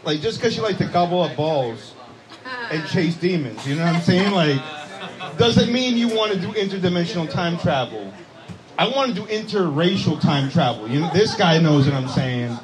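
A man's voice: on the high side, very animated, moderate pace, low-quality recording. A man doing stand-up comedy, brash and profane, joking with the crowd in a club. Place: comedy club with a live audience. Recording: loud crowd noise in a club. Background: audience laughter and chatter.

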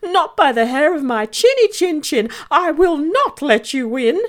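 A small, frightened male pig, voiced by a woman, putting on a brave front with high, squeaky cries. His defiance is loud and pitched well above a normal speaking voice. It sounds like a storybook read aloud. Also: very animated, unhurried. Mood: defiant.

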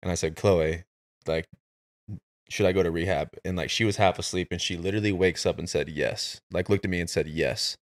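Deep-voiced man telling a candid story. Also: fairly even intonation, fast talker. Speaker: podcast host. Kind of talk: casual conversation.

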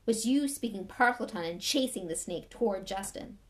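A woman's voice: medium pitch, animated, moderate pace, close to an everyday voice. Storybook schoolboy, pompous and nervous, read by a woman. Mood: stubborn. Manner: whispering, then stubborn and quavering.

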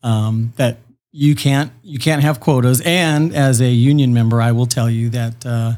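A man who is a police officer, speaking as a guest in a mid-range voice. He explains procedure in a measured, patient way and pauses often to find his words. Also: mid-range voice, steady tone, a little mellow. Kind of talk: interview answers.

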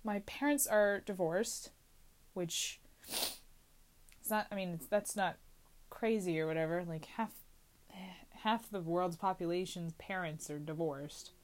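A woman's voice: lowish voice, slow pace, long pauses. A woman in her twenties talking anxiously to camera in a casual confessional vlog, rambling and questioning herself from inside a small closet. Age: 20s. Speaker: vlogger.

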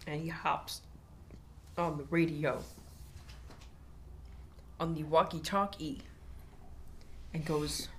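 A woman's voice: deep voice, steady tone, takes it slowly, pauses often, a little hiss or hum. A woman co-hosting a podcast, retelling a TV episode's plot step by step in casual chat, with blunt opinionated asides. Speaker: podcast co-host.

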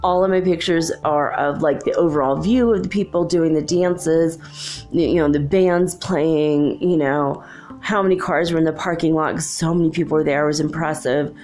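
Woman, low voice, casual rambling storytelling, lots of fillers, laughs often, faint music behind. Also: steady tone, moderate pace, darkish tone.

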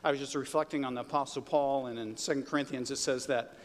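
A pastor preaching a sermon in a conversational way, rising to emphatic peaks, in a church sanctuary. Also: male voice, mid-range voice, fairly even intonation, fast talker. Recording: long reverb of a large hall.

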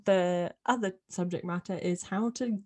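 A woman's voice: lowish voice, normal speed, a little mellow. A woman with a British accent co-hosting a podcast, chatting in an easygoing way and laughing readily. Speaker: podcast co-host. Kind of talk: casual chat.

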